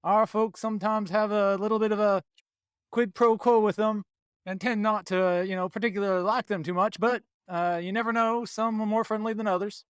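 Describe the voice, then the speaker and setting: A cagey druid adventurer speaks in a high, folksy country drawl, as a man puts him on for a tabletop game. The sound is dry and close, with no room to it. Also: unhurried, creaky, dry recording. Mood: folksy friendly. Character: cagey male druid adventurer, prickly then friendly. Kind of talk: tabletop role-play.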